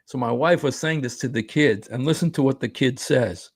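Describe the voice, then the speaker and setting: A middle-aged man with a gravelly, creaky edge to his voice talks in a casual, excited way, laughing as he goes. His pitch sits in an ordinary middle range, and he keeps restarting his sentences as he retells what happened. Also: moderate pace. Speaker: street preacher recounting an outreach encounter. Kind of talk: casual talk over a played clip.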